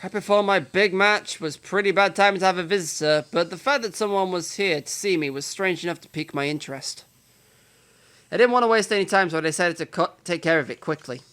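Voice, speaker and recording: A young man with a northern English accent reading a visual novel aloud, animated and self-mocking. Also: high-pitched, brisk, smooth. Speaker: let's player.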